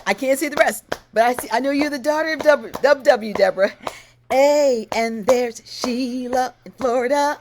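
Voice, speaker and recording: A woman's voice: high voice, moderate pace, background noise. A woman hosting a livestream over a video call, greeting viewers by name with effusive exclamations. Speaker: host.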